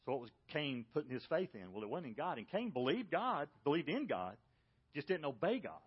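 Male pastor, lively sermon delivery, dull audio. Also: fairly high pitch, a little fast, breathy edge. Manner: animated preaching with rhetorical questions.

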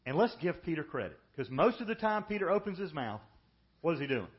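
Male pastor, higher-pitched voice, emphatic sermon delivery with hushed drops, muffled recording. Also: big pitch swings. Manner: emphatic preaching, drops to hushed, slow lines for weight. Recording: dull lo-fi sermon audio.

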